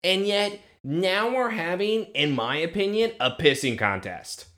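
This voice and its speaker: Animated man recapping with mock outrage. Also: high voice, a little slow. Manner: animated, laughing, mock-indignant. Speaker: podcast co-host. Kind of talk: casual recap chat.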